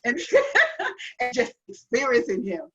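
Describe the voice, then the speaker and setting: A woman guest telling her story in a casual faith conversation, lively and often laughing. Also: a little high, takes it slowly. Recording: dull lo-fi audio.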